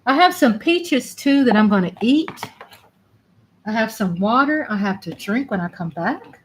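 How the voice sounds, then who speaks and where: A woman's voice: fairly high pitch, expressive, a little slow, a little hiss or hum. A woman hosting a casual home livestream, chatting in a rambling way. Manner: chatty, rambling, coos baby talk to her cat. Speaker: livestream host.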